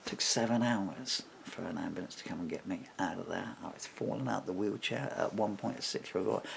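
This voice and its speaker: A man telling a story straight to camera in an animated, casual way, acting out what others said and chuckling between points. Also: fairly low pitch, creaky, slight background noise. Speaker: vlogger.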